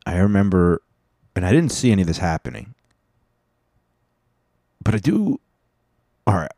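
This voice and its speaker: Deep-voiced man telling rambling stories. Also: warm tone, dry recording, studio quality. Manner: rambling, profane, joking. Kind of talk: casual storytelling. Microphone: studio mic with cough button.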